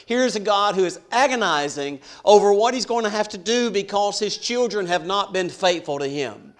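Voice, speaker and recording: A man preaching a sermon, swinging from hushed to loud and slowing down on key words. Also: sits high, lively intonation. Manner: dramatic swings from soft to loud, slows for emphasis.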